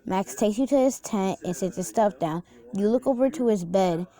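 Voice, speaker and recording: A young woman telling a reader-insert story in a casual, unpolished way, breaking off for chatty asides. Her voice is mellow and soft-edged, at a middle pitch. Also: moderate pace.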